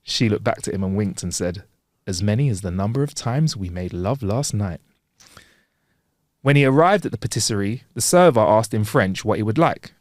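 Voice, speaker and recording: A man's voice: on the low side, lively intonation, moderate pace, no echo, studio quality. A man co-hosting a comedy podcast, casually chatting and reading out jokes in a playful, giggly way. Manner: playful, giggly, voices joke characters. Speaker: podcast co-host.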